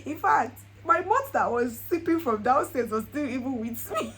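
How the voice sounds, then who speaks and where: A woman's voice: high voice, sing-song, unhurried, fairly bright tone, slight background noise, low-quality recording. A young woman, telling a personal story in a casual vlog and laughing often. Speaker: vlogger.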